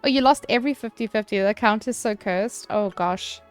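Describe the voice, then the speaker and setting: A woman streaming a game, chatting casually with her viewers, swearing loosely and answering chat between quick laughs. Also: mid-range voice, faint music behind.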